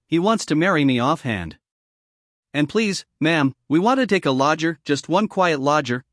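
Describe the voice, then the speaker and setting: Brief: eager young maid, blunt and breathless, voice pitched up, played by a man reading a storybook. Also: no room sound, studio quality, lightly acted. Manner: breathless, pleading rush. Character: eager young female servant, bold and blunt.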